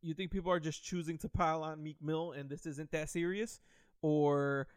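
Young man, podcast host, high voice, dry close sound, excitable, swears a lot, many restarts. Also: normal speed, clear, resonant tone, dry recording. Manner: excitable, profane, laughs often, many restarts. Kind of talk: casual chat.

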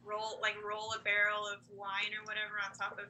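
A woman's voice: mid-range voice, completely flat delivery, bright, forceful tone. A woman playing in a tabletop game, chatting casually with many fillers. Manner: quick, casual, filler-heavy. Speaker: player.

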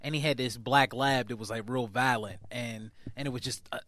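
A man chatting casually as a guest, in a relaxed way with laid-back slang. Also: mid-range voice, brisk, no room sound, clean studio sound. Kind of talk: casual chat.

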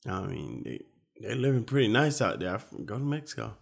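A young man in casual conversation, rambling and profane, sometimes breaking into loud mock speeches. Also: fairly low pitch, sing-song, moderate pace, vocal fry, slightly rough. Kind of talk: casual chat.

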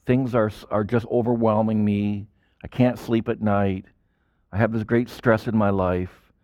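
A man preaching a sermon as a pastor, in animated style with sudden loud bursts and quiet drops. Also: on the low side, measured pace, no room sound, studio quality.

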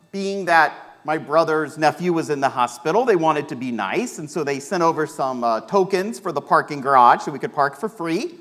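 A male pastor with a Midwestern American accent delivers a sermon, slipping into a personal story. His voice sits a little high and swings widely as he acts out what people said. The delivery is lively and conversational.

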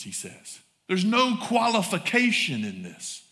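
A man's voice: sits high, expressive, normal speed, sharp tone. A man with a Southern US accent preaching a sermon from the pulpit, folksy and talking straight to the congregation. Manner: folksy, addresses congregation as y'all. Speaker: pastor. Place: church sanctuary.

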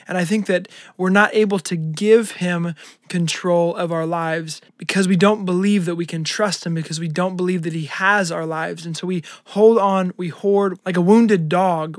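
A man's voice: high voice, no echo, clean studio sound. A man co-hosting a devotional podcast, speaking earnestly and searching for words. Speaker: podcast co-host.

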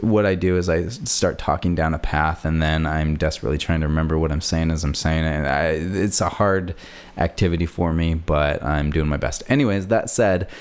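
A man hosting a casual podcast from his apartment, rambling with lots of fillers and self-deprecating asides. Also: low-pitched. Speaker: podcast host. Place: hot apartment with a fan running.

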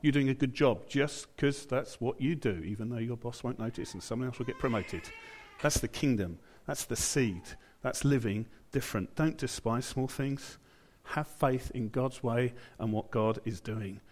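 A man's voice: medium pitch, moderate pace, hardly any pauses, darkish tone. A British man preaching a sermon in church, in a conversational way, with asides and quotes he acts out. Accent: British English.

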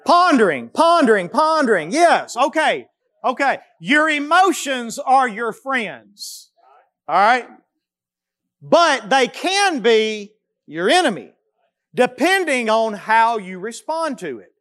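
Man, pastor preaching, high voice, very lively pitch, loud emphasis then quiet repeats. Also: slow. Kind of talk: sermon.

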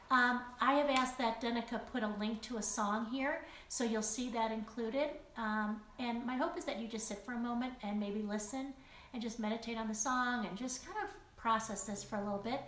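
A woman's voice: a little high, a bit bright, a little hiss or hum. Earnest woman leading a Bible study, echoey. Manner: earnest, conversational, repeats words as she talks. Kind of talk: Bible study teaching and prayer. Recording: echoey room, voice a bit distant.

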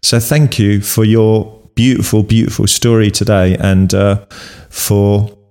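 A man hosting an interview, reflecting in a measured way and repeating key words for emphasis. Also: lowish voice, little pitch movement, darkish tone, clean tone. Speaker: host.

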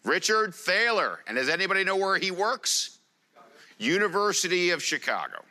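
A man's voice: high-pitched, moderate pace. A man giving a live presentation to an audience, joking and quizzing the room as he talks. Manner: jokey, lively presenter. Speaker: conference speaker.

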